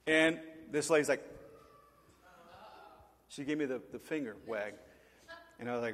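A man in his forties preaching with a lively, joking storytelling delivery that slips into acted voices. His voice sits a bit higher than most men's, and a long reverb rings around him in a large hall. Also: normal speed, long pauses. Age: 40s. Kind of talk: storytelling sermon.

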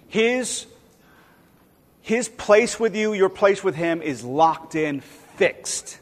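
A man's voice: high voice, lively intonation, drawn-out words. A man preaching a sermon in a conversational way, acting out quoted voices now and then. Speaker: pastor. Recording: long hall reverb.

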